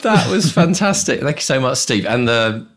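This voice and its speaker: A man's voice: mid-range voice, lively intonation, moderate pace, fairly bright tone. A man hosting a podcast in casual chat, enthusiastic and full of praise. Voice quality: enthusiastic and effusive. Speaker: podcast host.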